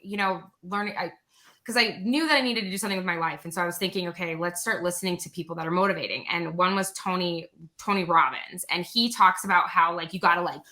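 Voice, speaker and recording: Bright, energetic young woman. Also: on the low side. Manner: energetic and animated, quick with frequent "like". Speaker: guest. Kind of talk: casual interview talk.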